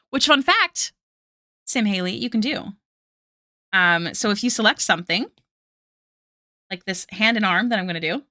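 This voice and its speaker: A woman's voice: medium pitch, bright, forceful tone, no echo, clean studio sound. A young woman chatting casually on a live stream while she draws. She laughs often and explains her steps as she goes. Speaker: streamer and digital artist. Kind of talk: casual chat while drawing.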